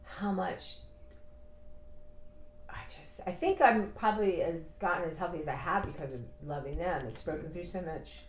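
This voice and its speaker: A woman's voice: fairly low pitch, a little fast, hardly any pauses, echoey room. A woman in her fifties in a casual personal vlog, talking in a rambling, reflective and heartfelt way. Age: 50s. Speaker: vlogger.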